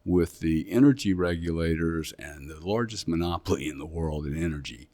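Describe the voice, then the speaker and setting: Very deep-voiced blunt Englishman. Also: moderate pace, dark tone. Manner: blunt, emphatic, repeats himself. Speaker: guest. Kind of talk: casual interview talk.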